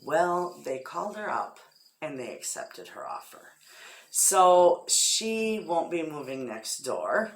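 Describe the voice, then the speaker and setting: A middle-aged Midwestern American woman with a low voice chats casually to her viewers and acts out what others said. Her talk rings in an echoey room, with crickets chirping faintly behind her. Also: slow pace. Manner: chatty storyteller, quotes others in lively voices. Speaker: homestead vlogger. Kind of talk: casual chat to camera.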